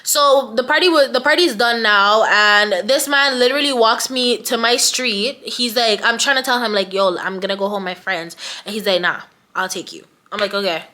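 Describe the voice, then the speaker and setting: A young woman telling a personal story in a chatty, slangy way, full of animated asides. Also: on the high side, moderate pace, few pauses. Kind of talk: casual storytime.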